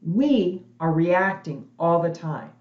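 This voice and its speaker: A woman's voice: on the low side, animated, slow. Emphatic woman speaker, echoey dull sound. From lives in Texas. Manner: direct, emphatic, coaching tone. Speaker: conference speaker. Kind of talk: motivational webinar talk.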